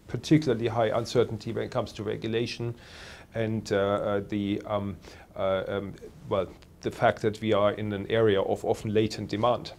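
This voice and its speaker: A man working as a telecoms analyst, answering interview questions in a measured way with many pauses and fillers. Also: on the low side, vocal fry, darkish tone.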